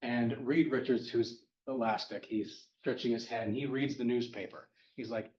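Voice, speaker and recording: A man's voice: medium pitch, steady tone, normal speed, a little mellow. A man casually recapping a comic book plot in a chatty, wry way. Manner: chatty, wry, speeding through plot points. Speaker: podcast host recapping a comic. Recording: roomy, distant, dull-sounding mic.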